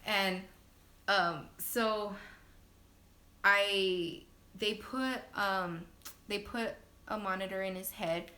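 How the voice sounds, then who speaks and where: A young woman tells a story on a phone live stream, chatty and quick to laugh. Her voice is bright and clear at a middle pitch. She keeps jumping into loud, high bursts when she acts out what people said. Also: fairly even intonation, a little hiss or hum. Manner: laughs often, many fillers. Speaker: new mother telling her birth story.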